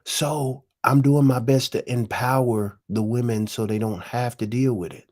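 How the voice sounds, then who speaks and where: A man's voice: medium pitch, steady tone, unhurried, darkish tone. A man hosting his own channel, giving a profane, preachy monologue full of slang and rhetorical questions. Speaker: host. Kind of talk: casual monologue.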